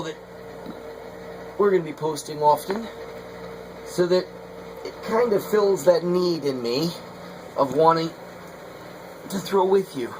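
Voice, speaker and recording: A man's voice: a little high, background noise. A middle-aged man, a potter, talking casually and rambling with hesitant fillers. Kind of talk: casual vlog talk while working.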